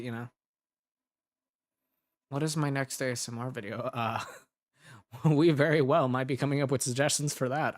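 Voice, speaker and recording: A mid-range male voice, captured dry, belongs to a young man who makes audio dramas. He tosses around ideas in a loose, giggly way, rambling on and breaking off mid-thought to laugh.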